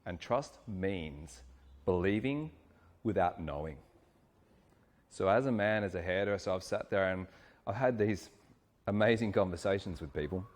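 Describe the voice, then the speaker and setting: A man who leads relationship workshops, giving an earnest, reflective coaching talk that slows down on key words. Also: sits low, animated, big-room sound.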